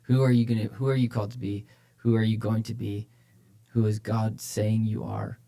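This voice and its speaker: A man's voice: fairly low pitch, flat delivery, normal speed, mellow. A man co-hosting a church podcast, talking casually and with energy about faith, often repeating phrases for emphasis. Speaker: podcast co-host, church leader.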